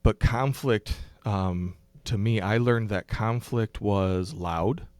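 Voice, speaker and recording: This is a middle-aged man with a very deep, low voice, speaking as a pastor guest on a podcast. He explains slowly and thoughtfully, restarting phrases and filling pauses with ums. The sound is close and dry, with no room around it. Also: darkish tone, smooth, dry recording. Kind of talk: casual podcast conversation.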